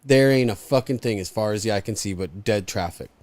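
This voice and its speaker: A man co-hosting a live podcast, telling stories in a profane, animated, casual way. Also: on the low side, a little fast, dry recording. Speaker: podcast co-host.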